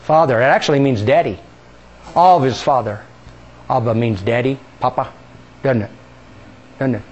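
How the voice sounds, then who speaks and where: Preaching at normal speed, a man questions his congregation and coaxes responses from them. He lets his voice sink soft and low on important words, and the sound is lo-fi.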